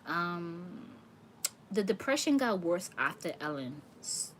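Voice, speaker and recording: Low-voiced earnest woman reading tarot. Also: big pitch swings, slow pace, a little hiss or hum. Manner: earnest, repeating phrases for emphasis. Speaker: tarot reader.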